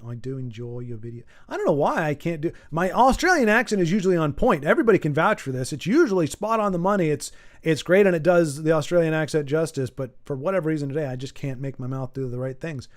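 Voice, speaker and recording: A man hosting a casual livestream, chatting to his viewers in a rambling, self-deprecating way with frequent stumbles and restarts. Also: fairly high pitch. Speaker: livestream host.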